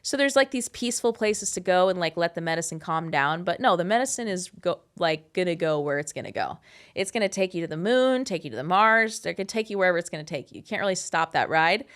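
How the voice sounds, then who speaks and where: A woman in her thirties telling a personal story in a casual, animated, candid way, with frequent swearing. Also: fairly low pitch, clear, resonant tone. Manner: animated, candid and profane, with many "like" fillers. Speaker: host.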